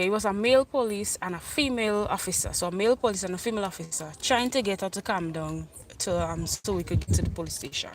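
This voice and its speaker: A woman's voice: mid-range voice, a little hiss or hum. Grenadian woman telling a heated story. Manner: animated, repetitive storytelling in island dialect. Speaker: vlogger. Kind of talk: storytime vlog.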